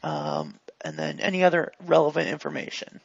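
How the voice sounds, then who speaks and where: A woman running a tabletop role-playing game in a husky, gravelly voice, rambling along with lots of "like" and "um". The sound is dry and close. It comes through a dull, lo-fi recording. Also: low-pitched, moderate pace, dry recording. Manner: relaxed, rambling, full of "like" and "um". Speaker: game master.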